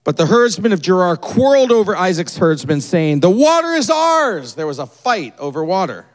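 A man preaching a sermon, retelling a story and acting out its people with quick changes in his voice. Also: fairly high pitch. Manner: animated, acts out the people in the story with quick shifts in voice. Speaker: pastor.

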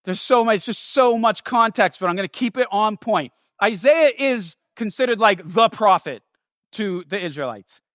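Male preacher, high voice, dry close sound; animated and emphatic, casual asides. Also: normal speed, dry recording. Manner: animated, emphatic, repeats words for stress. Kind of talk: sermon.

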